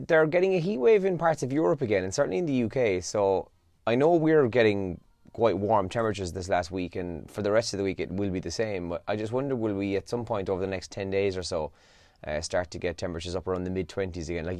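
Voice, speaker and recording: A man's voice: low-pitched, quick pace, a little mellow, no echo. A young man hosting a breakfast radio show alone. He runs through the weather and the morning papers in a casual, chatty way, tired and yawning. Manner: casual and chatty, with yawns and asides. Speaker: radio host. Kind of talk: solo breakfast show, reading newspaper headlines.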